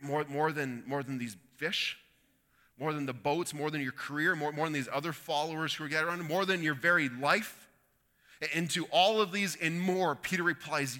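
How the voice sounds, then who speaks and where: A man's voice: on the high side, brisk, sharp tone, big-room sound. A man preaching a sermon, telling a story and acting out the quoted lines with rising and falling intensity. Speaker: pastor.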